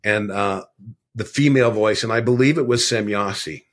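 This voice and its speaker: As a podcast guest, this older man rambles earnestly through an extended personal story, leaning on many fillers. His voice is fairly low and his pace moderate.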